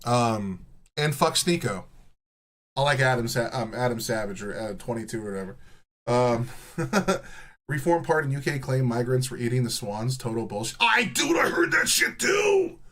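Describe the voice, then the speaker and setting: A man's voice: medium pitch, normal speed. A man ranting casually and profanely while reacting to clips, often mocking people in put-on voices. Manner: heated, swearing, mocking impressions.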